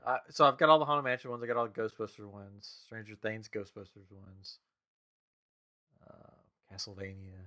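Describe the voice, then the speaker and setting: A man's voice: on the low side, fairly even intonation, normal speed, pushed and bright. A man co-hosting a casual geek podcast, joking and self-deprecating as he chats. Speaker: podcast co-host. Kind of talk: casual chat.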